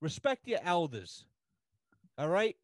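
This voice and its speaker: A man guesting on a podcast, ranting loudly and swearing heavily in casual chat. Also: sits high, sing-song, takes it slowly, no room sound. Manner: loud, swearing, heated. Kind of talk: casual profane rant.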